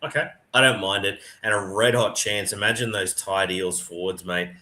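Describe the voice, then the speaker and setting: A man's voice: on the low side, fairly even intonation, moderate pace, pushed and bright. A man hosting a casual sports podcast, chatty and matey as he gives his analysis. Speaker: podcast host.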